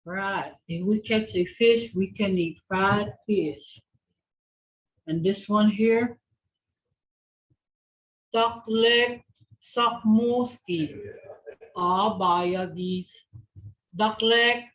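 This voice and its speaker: A woman's voice: medium pitch, drawn-out words, pauses often. A woman teaching an online language lesson, patiently modeling words for a learner to repeat back. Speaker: language instructor. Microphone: video call. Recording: dull lo-fi video call audio.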